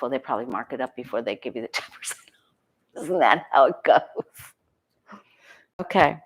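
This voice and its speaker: A woman's voice: rumbling low, animated, a little fast, long pauses, husky. Woman tarot reader, casual solo talk, muses aloud, self-questioning, frequent restarts.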